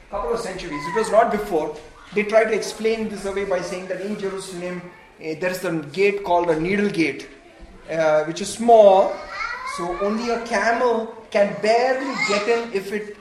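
A woman preaching a sermon, animated and full of rhetorical questions, laughing between phrases. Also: mid-range voice. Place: church hall. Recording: echoey room.

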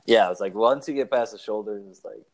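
A man chatting casually as host, relaxed, mostly listening and giving short replies. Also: on the low side, brisk, rough recording. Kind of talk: casual chat.

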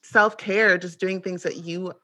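A woman's voice: lowish voice, steady tone, a little slow, sharp tone. A woman co-hosting a podcast interview, talking in a bubbly, effusive way with lots of "like" fillers. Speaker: podcast co-host.

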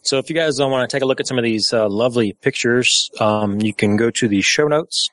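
A male co-host on a podcast, talking at a mid-range pitch in a laid-back, chatty way. He is quick to correct himself with a shrug. His voice sits close and dry, with no room around it. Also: fairly bright tone, no room sound. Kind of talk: casual podcast chat.

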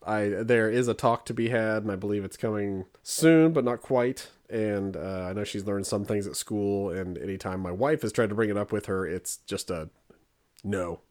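A man's voice: fairly low pitch, moderate pace, few pauses. A man in his thirties co-hosting a podcast, telling funny stories in casual chat and acting out quotes. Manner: animated storytelling with put-on quotes. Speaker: podcast co-host.

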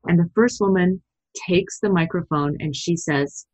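Middle-aged woman, professor guest, husky low voice, animated storyteller. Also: normal speed. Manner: animated storytelling, pitch leaps when quoting. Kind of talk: podcast interview.

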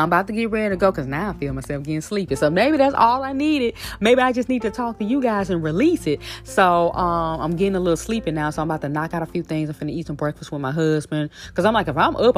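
A woman hosting her own faith podcast, talking loosely and lively. Her pitch moves a lot as she tells her story, and faint music plays under her. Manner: animated, lively storytelling with laughs and slang. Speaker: podcast host. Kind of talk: casual faith podcast monologue.

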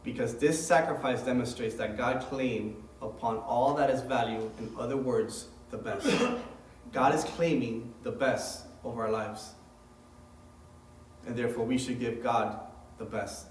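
Pastor preaching in an echoey room. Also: male voice, medium pitch, unhurried, distant mic, a little hiss or hum. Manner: reads scripture then preaches with rising emphasis. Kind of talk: sermon.

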